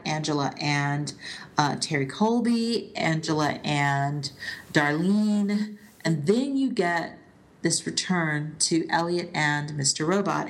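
A woman co-hosting a casual podcast, retelling scenes from a TV episode at length in an animated way. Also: low voice.

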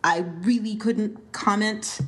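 A woman co-hosts a podcast in lively, casual chat, pressing her points with emphasis and laughing often. Her voice sits at an ordinary middle pitch for a woman. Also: slow pace. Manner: animated, laughing often, emphatic when arguing. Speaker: podcast co-host.

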